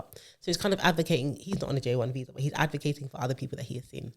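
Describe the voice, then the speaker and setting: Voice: mid-range voice, quick pace, a little mellow. A podcast co-host, telling a long story in casual chat, full of fillers and restarts.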